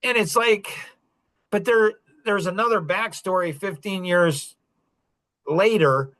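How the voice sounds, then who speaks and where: A man's voice: sits high, slow pace, fairly bright tone. Middle-aged man, podcast storyteller, rambling and full of fillers. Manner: rambling, repeats words, many fillers. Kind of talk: animated personal storytelling.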